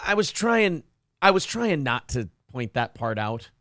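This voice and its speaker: A man's voice: fairly high pitch, big pitch swings, unhurried, a bit bright, no echo, studio quality. A man hosting a morning show, telling a story as a profane, heated rant. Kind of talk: casual podcast chat.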